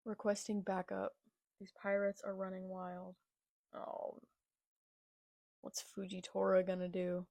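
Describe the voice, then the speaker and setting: A young woman reads a comic aloud and reacts as she goes, excitable and often dropping into whispered asides. Her delivery is slow and unhurried, with a gravelly, fry-tinged texture. The sound is dry and close, with no room echo. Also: medium pitch. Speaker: manga reaction reader. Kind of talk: live manga read-along with reactions.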